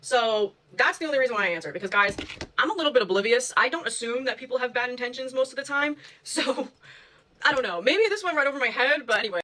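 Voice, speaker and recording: A woman's voice: sits high, animated, fast, sharp tone, rough recording. A young woman telling a story to her viewers in a casual, chatty way, full of fillers and swearing.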